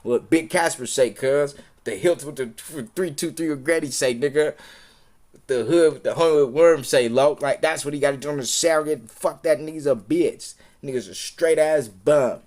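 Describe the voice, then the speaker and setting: A man on a live stream, talking in a heated, profane, rambling rant that circles back and repeats itself, sometimes dropping to a low mutter. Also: normal speed, darkish tone.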